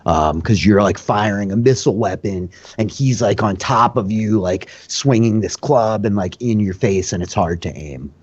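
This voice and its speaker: A young man hosts and runs a tabletop game, his voice fairly low and husky. He talks through rules casually, leaning on fillers as he goes. The sound is dull and lo-fi, like an online call. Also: normal speed, hardly any pauses. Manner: relaxed, filler-heavy explaining of rules. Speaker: dungeon master and host.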